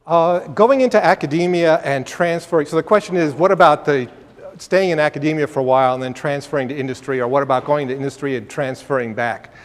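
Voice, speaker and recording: A man with a slightly high voice fields audience questions at a career talk. He is emphatic and conversational and often restarts a phrase mid-thought. His voice carries a long reverb, like a lecture hall. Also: fast. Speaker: career workshop speaker.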